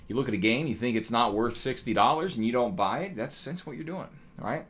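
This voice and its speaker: A man's voice: mid-range voice, a little fast, a bit bright, husky. Streamer-style male lecturer, loose and chatty, fond of rhetorical "right?". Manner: talkative, rhetorical "right?" tags, mock voices. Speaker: streamer teaching economics. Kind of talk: casual lecture to live chat.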